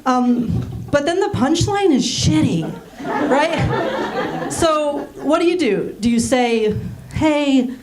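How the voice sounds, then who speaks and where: A woman in her thirties, raised in Germany, doing a deadpan stand-up set on a small theater stage with frequent ums. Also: high voice, slow, a loud crowd. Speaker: stand-up comedian. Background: audience laughing.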